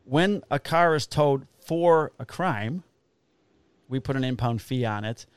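A police officer from Illinois co-hosts a podcast, telling a long, profane story in casual chat. His ordinary middle-pitched voice is clear and resonant, with lively intonation and a slightly slow pace, recorded dry with no surrounding room sound.

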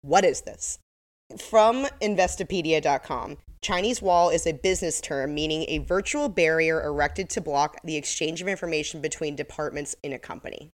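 Lower-voiced, sarcastic woman podcast co-host. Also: normal speed, few pauses. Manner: dry, sarcastic, laughs at her own jokes. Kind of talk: casual chat recapping a TV episode.

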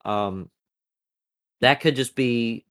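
A man's voice: medium pitch, drawn-out words, fairly bright tone, clear, resonant tone. A man co-hosting a podcast, reviewing a TV episode in a rambling casual chat full of fillers and restarts. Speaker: podcast co-host.

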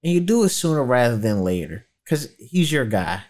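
A man's voice: mid-range voice, moderate pace. Chatty man in casual sports talk. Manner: animated, colloquial, slips into quoted voices. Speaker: podcast co-host.

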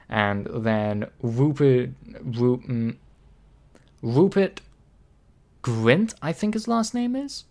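A man's voice: mid-range voice, lively intonation, very slow, long pauses, a little mellow. A man co-hosting a casual podcast from home on a voice call, rambling with fillers and swearing. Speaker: podcast co-host. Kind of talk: casual chat.

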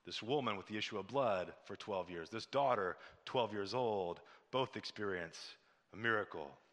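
A man's voice: lowish voice, moderate pace, a bit bright, big-room sound. A man preaching a sermon as pastor, repeating short declarations and building to fervent exhortation.

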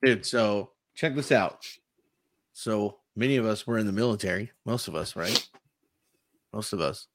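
A man's voice: fairly low pitch, normal speed, pauses often, a little hiss or hum. A man co-hosting a casual chat among military veterans, joking, swearing and laughing often. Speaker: podcast co-host.

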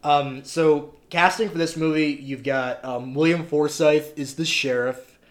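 A man's voice: on the high side, measured pace. A man co-hosting a podcast, chatting casually about horror movies with lots of fillers. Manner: chatty, many fillers, animated retelling of scenes. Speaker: podcast co-host.

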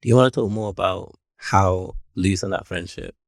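Gravelly low young man, playful host. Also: normal speed, no room sound, studio quality. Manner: playful, steers the talk. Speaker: podcast co-host. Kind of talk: casual chat.

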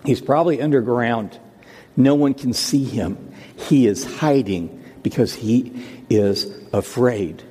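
A man's voice: medium pitch, warm tone, in a large hall. A man who is senior pastor, preaching a sermon and telling stories, often repeating his words and restarting phrases. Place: church sanctuary.

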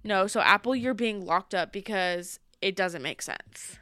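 A young woman co-hosting a casual podcast chat, ranting in an animated, heated way. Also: mid-range voice, unhurried, no echo, clean studio sound. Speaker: podcast co-host.

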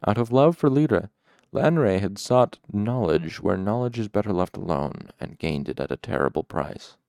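A man reading a fantasy novel aloud as an audiobook narrator, measured and steady. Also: on the low side, gravelly, dry recording.

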